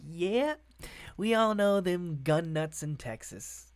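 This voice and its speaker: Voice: mid-range voice, lively intonation, a little slow. A sarcastic political commentator who reads out news and breaks into profane rants. The delivery is heated, mocking and full of rhetorical questions.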